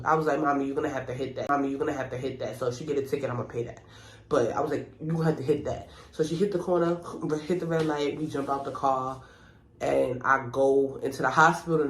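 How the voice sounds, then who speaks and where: A woman with a New York accent telling a long personal story in a casual, profane, animated way, breaking into laughs as she goes. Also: low-pitched. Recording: roomy echo.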